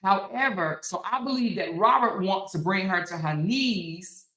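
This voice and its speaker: Emphatic woman with a bright voice. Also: medium pitch, a little slow, echoey room, rough recording. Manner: emphatic, repeats phrases, frequent "right?". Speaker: commentary host. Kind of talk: opinionated commentary monologue.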